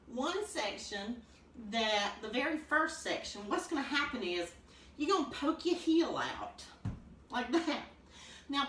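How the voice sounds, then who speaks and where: Upbeat woman dance teacher, slow and lilting, high-ish voice, echoey room, away from the mic. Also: a bit bright, recorded from a distance. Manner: upbeat, counts beats aloud while stomping. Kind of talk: demonstrating a dance lesson. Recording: roomy, from off the mic, noisy.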